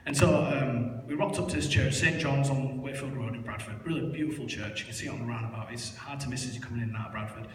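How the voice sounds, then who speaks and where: A man's voice: mid-range voice, fast, few pauses, slight background noise. A young man tells his life story in church, candid and self-mocking, with many fillers. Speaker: church member giving testimony. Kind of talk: personal testimony in church. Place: large church hall. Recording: echoey hall, voice heard from far off.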